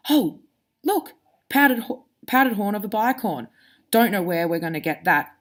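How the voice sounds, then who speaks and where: A woman reading aloud as a bookish schoolgirl witch who is brisk and knows it all. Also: medium pitch, lively intonation, close to an everyday voice. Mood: busy. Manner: reading aloud, lightly voiced.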